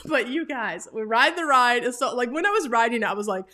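A chatty woman in her forties tells a story straight to camera, full of laughs and fillers. Her voice sits a little higher than most women's. She talks in a casual, animated way. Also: a little fast, few pauses. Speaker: travel business vlogger.

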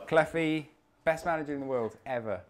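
A Welsh man with a slightly high voice reads out a live football quiz in a coffee shop, talking a little fast. He's chatty and jokey as he hosts, with a crowd of quiz players in the background.

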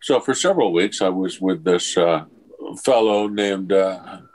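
Older man with a low voice telling stories. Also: unhurried, rough recording. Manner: lively storyteller who acts out dialogue, chuckles. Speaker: actor guest. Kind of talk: anecdotal interview storytelling.

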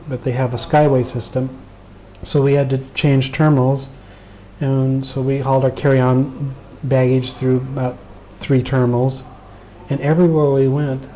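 A man's voice: medium pitch, a little hiss or hum, rough recording. A middle-aged American man with a Southern accent, earnestly telling a personal story in an interview and acting out the dialogue. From United States. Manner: earnest, animated retelling with quoted dialogue. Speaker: interview guest.

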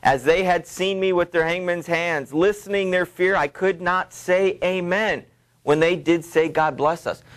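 A man's voice: high-pitched, measured pace, a bit bright, voice pushed up. A man voicing a haunted nobleman shaken by guilt, reading in a slightly raised, earnest voice.

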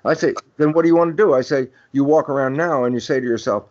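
Older male guest expert, mid-pitched, emphatic lecturer who voices quoted exchanges; dull low-fi recording. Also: quick pace, a little mellow. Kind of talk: podcast interview, explaining ideas. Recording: dull lo-fi audio.

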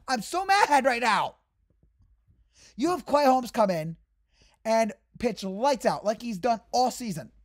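A woman in full rant mode, exasperated and heated, her voice sitting fairly high. She talks straight to her viewers as a fan channel host, going over the same grievance again and again.

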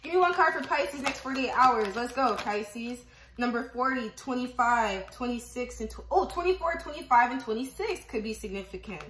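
A woman's voice: a little high, lively intonation, normal speed, fairly bright tone, reverberant, slight background noise, rough recording. A woman giving a casual tarot reading to camera, chatty and profane, affirming her viewers and counting numbers aloud as she goes. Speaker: tarot reader.

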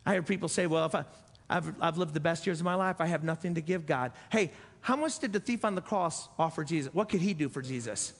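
A man's voice: a little high, fast talker. A man preaching a sermon as pastor, earnest and repeating phrases for emphasis. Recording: echoey church hall.

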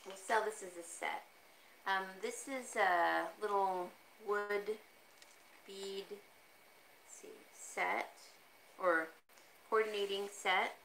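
A woman's voice: fairly even intonation, takes it slowly, vocal fry, pauses often, fairly bright tone, a little hiss or hum, poor audio. A woman hosting a casual live jewelry sale from home, chatty and easily sidetracked, laughing often and cooing at her cat. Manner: talks to her cat in a high coaxing voice. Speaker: online jewelry seller. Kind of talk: casual live-stream sales chat.

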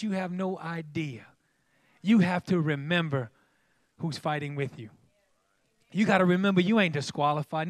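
A man's voice: on the high side, no room sound. A man preaching a sermon as pastor, emphatic and folksy, repeatedly calling out to the congregation.

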